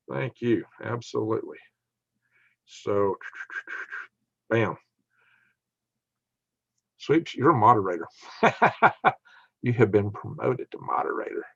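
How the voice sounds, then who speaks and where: An older man talks casually to his livestream viewers, rambling through fillers and restarts. His pitch swings widely and lively from line to line. The sound is dry and a little muffled. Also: no room sound. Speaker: livestream host.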